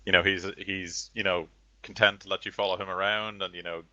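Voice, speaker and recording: A man's voice: low voice, flat delivery, fairly quick, sharp tone, no echo. A man narrating a tabletop game as game master, in a rambling, loose way full of fillers, on a dull lo-fi recording.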